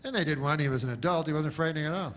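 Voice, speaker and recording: A man doing stand-up in a flat, deadpan way. He wanders through his jokes with restarts and asides, never rushing the punchline. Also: a little high. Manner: deadpan, rambling, full of restarts. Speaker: stand-up comedian. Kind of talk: stand-up comedy.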